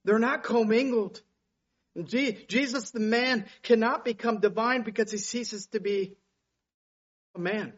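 A man preaching a sermon, swinging between hushed tones and loud outbursts as he retells scenes. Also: high-pitched, unhurried, husky. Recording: dull lo-fi sound.

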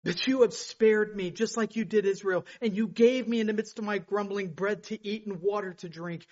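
A man with a high voice preaches a fervent sermon. He repeats phrases for emphasis and moves between ringing declarations and quiet, prayerful passages. The recording sounds dull and lo-fi. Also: normal speed, few pauses. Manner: fervent, repeats phrases, swings from loud to hushed.

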